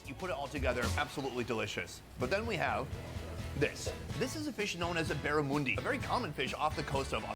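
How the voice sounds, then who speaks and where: Brief: fairly high-voiced male food reviewer, punchy and excited, music bed underneath. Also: quick pace. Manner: enthusiastic, punchy delivery with comic asides. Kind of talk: energetic food review narration.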